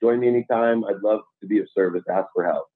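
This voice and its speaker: Husky-voiced man on a tinny line. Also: fairly low pitch, fast talker, dry recording. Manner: earnest, preachy about service and humility. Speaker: podcast guest. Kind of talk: motivational interview talk.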